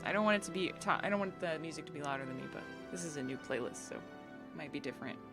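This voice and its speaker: A woman's voice: sits low, quick pace. A woman from the United States chatting casually with viewers on a live stream, bubbly and giggly as she reads chat aloud and riffs on it. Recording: faint game music behind.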